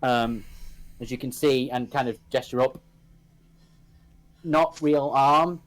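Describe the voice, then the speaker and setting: A man's voice: medium pitch, takes it slowly, rough recording. A man as a player in a tabletop game, chatting casually and explaining plans.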